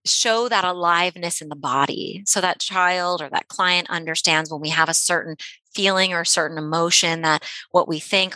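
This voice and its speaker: Woman therapist, gentle and encouraging instructional talk, bright tone, dry sound. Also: lowish voice, no room sound, rough recording. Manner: gentle, encouraging, repeats words, many "you know"s. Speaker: therapist teaching a technique.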